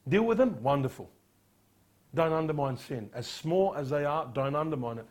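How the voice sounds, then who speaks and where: A man preaching a sermon as a pastor, firing rhetorical questions and dropping quiet on solemn points. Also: a little high, lively intonation, normal speed.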